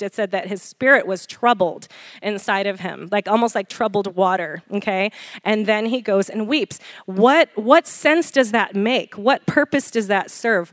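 A woman preaching a sermon with a fairly high voice, recorded dry and close. She talks in a lively way, laughs between points and keeps checking in with the congregation with "okay?" and "amen?". She often asks them to repeat phrases after her. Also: dry recording.

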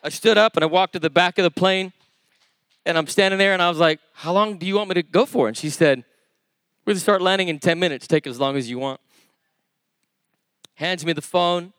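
A man's voice: on the high side, fairly quick, pauses often, fairly bright tone, no echo. A man preaching a sermon with passion, telling stories and acting out the dialogue. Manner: impassioned, storytelling with quoted dialogue.

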